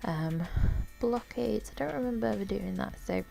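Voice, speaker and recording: A tired woman giving casual, rambling commentary while walking through a game, often unsure and filling pauses. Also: medium pitch, animated, gravelly, noisy background. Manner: rambling, unsure, lots of fillers. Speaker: gamer.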